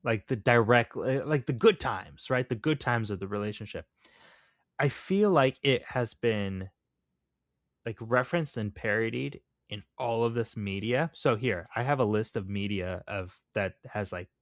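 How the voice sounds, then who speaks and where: A man with a somewhat low voice talks through a movie on his podcast, chatty and opinionated, dotting his talk with "like" and "you know." The sound is dry and close, with no room around it. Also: measured pace, no echo. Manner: chatty, opinionated, lots of fillers. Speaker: podcast co-host. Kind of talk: casual film discussion.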